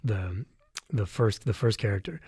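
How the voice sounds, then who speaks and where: A man's voice: fairly low pitch, lively intonation, normal speed, darkish tone, husky, no echo, studio quality. A man, a voice actor, chatting as an interview guest, enthusiastic and often restarting his sentences. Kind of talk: casual interview chat.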